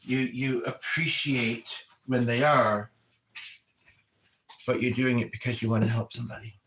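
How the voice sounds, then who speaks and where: A man's voice: mid-range voice, fairly even intonation, a little slow, a bit bright. A man, a spiritual medium, chatting casually and earnestly, often stopping mid-thought and restarting. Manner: rambling, self-interrupting, earnest. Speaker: spiritual medium relaying messages. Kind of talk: casual livestream chat. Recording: roomy echo, distant from mic, faint noise.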